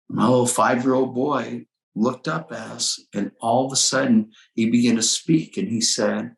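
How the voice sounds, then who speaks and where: In a room with noticeable echo, this middle-aged man, a pastor and interview guest, recounts his testimony earnestly, quoting what others said and varying his speed. His medium-pitched voice is steady in tone with some vocal fry, moving at a moderate pace.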